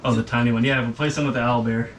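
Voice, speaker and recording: A man's voice: medium pitch, fairly even intonation, racing. A young man narrating as game master in a casual, hesitant way, with many fillers. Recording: distant mic with background noise.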